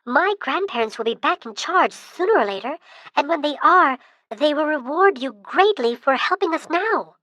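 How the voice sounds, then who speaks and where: Woman voicing a young girl, earnest, urgent, pleading, high, lively. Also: moderate pace, no room sound.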